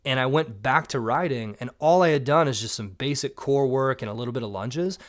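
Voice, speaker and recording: Man, Southern accent, thirties, mountain bike coach, casual talk to camera, direct, joking asides, middle pitch. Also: brisk. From Georgia, US.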